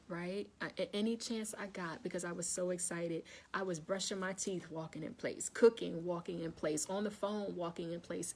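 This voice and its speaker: A woman hosting a casual wellness live chat, talking straight to her viewers, calling them y'all, checking that they are still with her and repeating her points to encourage them. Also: mid-range voice.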